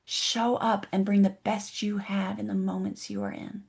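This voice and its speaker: A woman's voice: mid-range voice, little pitch movement, normal speed, gravelly, darkish tone. A woman giving a motivational keynote speech, telling a story and asking the audience direct questions. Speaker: motivational speaker. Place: online event, audience in chat.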